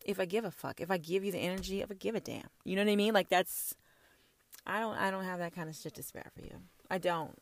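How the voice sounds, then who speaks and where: A woman delivering a profane, ranting monologue as a self-styled prophetess, swinging from loud outbursts to whispers. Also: lowish voice, quick pace.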